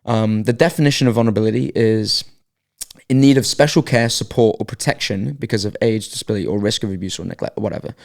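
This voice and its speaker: A man's voice: on the low side, quick pace, vocal fry, a little mellow. A man co-hosting a podcast, talking casually and thinking aloud with hesitant restarts. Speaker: podcast co-host. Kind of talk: casual reflective chat.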